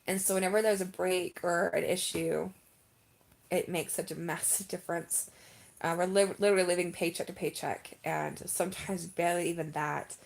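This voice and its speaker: A woman's voice: fairly low pitch, steady tone, normal speed, creaky. A woman vlogging in a casual live-stream chat, talking in an emphatic, rambling way with lots of "like" and "um". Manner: chatty and emphatic, heavy use of "like" and "um".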